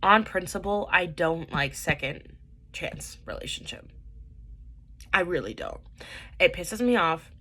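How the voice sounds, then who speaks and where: A woman's voice: lowish voice, expressive, measured pace, pauses often, sharp tone. Congested, chatty young woman vlogger. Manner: chatty, rambling, many fillers and restarts. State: stuffy nose from a cold. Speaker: vlogger reviewing dramas. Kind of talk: casual rambling chat.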